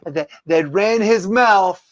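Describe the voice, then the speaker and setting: A man's voice: high-pitched, slow pace, no room sound. Man doing a boastful old politician impression. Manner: bragging, repetitive reassurance. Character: blustery boastful older male politician impression. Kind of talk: comic impression on a live chat show.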